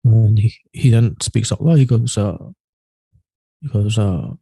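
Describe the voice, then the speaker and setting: Guy telling a story on a podcast, halting, trails off, dry close sound. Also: fairly low pitch, gravelly, slightly rough, dry recording. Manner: halting and hesitant, often trailing off quietly. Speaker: podcast guest. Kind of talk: personal storytelling in a podcast interview.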